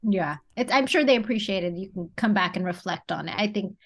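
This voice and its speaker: Woman podcast co-host, gravelly voice, candid and reflective. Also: mid-range voice, animated, brisk. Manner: candid, reflective, trailing off softly. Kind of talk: casual chat.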